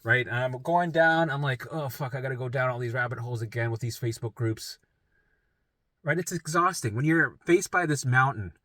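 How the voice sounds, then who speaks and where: A middle-aged man telling his own story in a rambling, profane, animated way, often asking "right?" and jumping into acted voices. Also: fairly quick, dry recording. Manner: acts out his own past voices in sudden pitch jumps. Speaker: vlogger sharing his recovery story. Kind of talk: casual storytelling monologue.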